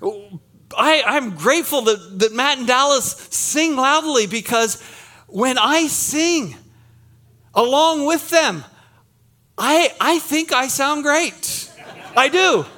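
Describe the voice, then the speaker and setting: This middle-aged Pennsylvania pastor has a very high, sharp, animated voice and a slow pace. Preaching in a church sanctuary, he keeps things chatty and self-deprecating, joking with the congregation between points of the sermon.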